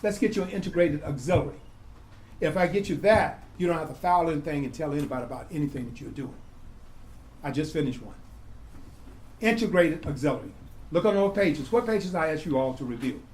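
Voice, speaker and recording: A man's voice: a little high, expressive, brisk, darkish tone, a little hiss or hum, low-quality recording. A man teaching a grant-writing class, quizzing students with call-and-response questions and repeating key words. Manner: asks the class "what?" and answers himself, repeats key words. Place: community classroom.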